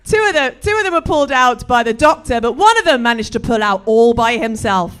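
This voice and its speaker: British woman comic in middle age, slightly high voice, deadpan stand-up with bawdy jokes. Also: a little fast. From Britain. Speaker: stand-up comedian. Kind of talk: stand-up comedy set.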